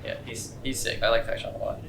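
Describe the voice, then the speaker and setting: A man's voice: mid-range voice, steady tone, fast, creaky, roomy sound, background noise. A young man answering fan questions in a casual, rambling chat, full of slang and fillers. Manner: laid-back, rambling, slangy with lots of "dude" and "like".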